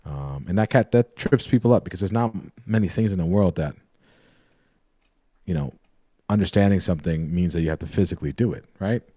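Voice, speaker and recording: A man with a deep, low voice chats about art on a live painting stream. He explains in loose, winding sentences that keep restarting. The sound is close and dry. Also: a little fast, warm tone, dry recording. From New York. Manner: rambling, self-correcting explainer. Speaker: co-host, painter and drawing teacher. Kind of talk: casual live-stream chat.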